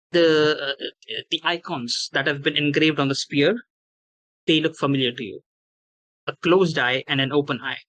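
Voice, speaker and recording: A man with a fairly high, bright voice guides players through a creepy forest as game master. He stumbles, restarts and fills gaps while making up the scene on the fly. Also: rough recording. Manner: halting, many restarts and fillers while improvising. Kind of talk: narrating a tabletop horror game.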